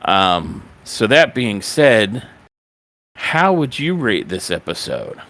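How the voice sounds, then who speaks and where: Low-voiced male podcast host recapping. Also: slow. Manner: animated storyteller, acts out quotes. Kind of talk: recapping a wrestling show.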